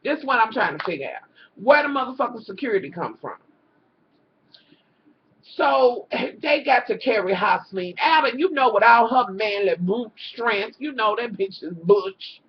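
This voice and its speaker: A woman's voice: fairly high pitch, moderate pace, breathy edge. A woman recapping a reality show in a profane, casual rant, talking straight to her viewers and swearing constantly. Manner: animated, exasperated, swears constantly, talks to viewers as y'all. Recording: dull lo-fi home recording.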